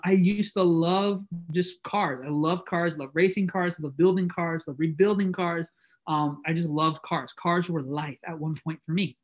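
A man preaching a sermon in a casual, conversational way, with lots of fillers, acting out the dialogue he quotes. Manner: acts out quoted dialogue with pitch jumps.

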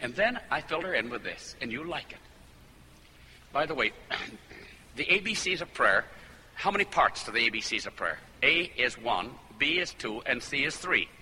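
A man's voice: medium pitch, big pitch swings, moderate pace, pushed and bright. A man preaching a fervent sermon that builds to emphatic peaks. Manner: fervent, rising to emphatic climaxes. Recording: hall reverb with faint noise.

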